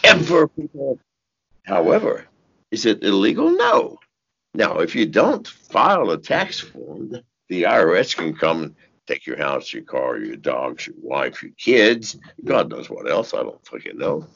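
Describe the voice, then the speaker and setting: Older guy, low raspy voice, swears a lot, swings way up and down, kinda muffled audio. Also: measured pace. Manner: profane, animated storytelling with sudden high shouts and laughs. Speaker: interview guest. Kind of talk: casual interview talk.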